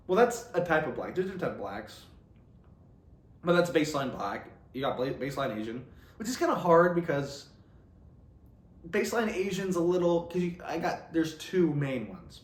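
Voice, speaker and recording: A man's voice: on the high side, very animated, brisk. A young man rambling casually to camera, often interrupting himself and laughing at his own remarks. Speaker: vlogger. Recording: roomy echo.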